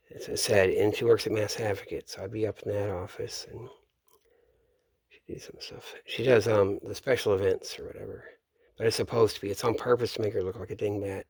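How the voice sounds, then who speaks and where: Low-voiced man in a rambling, profane monologue. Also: steady tone, brisk, a little mellow, no echo, clean studio sound. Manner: profane, meandering, trails off mid-sentence. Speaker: vlogger. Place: home in Florida, at night.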